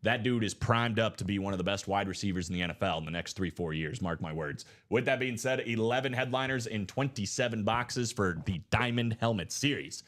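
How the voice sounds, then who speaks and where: A man's voice: lowish voice, a bit bright. A man hosting a live sports card break stream, rattling off lists in hyped, chatty sales patter. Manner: rapid listing, hyped and chatty.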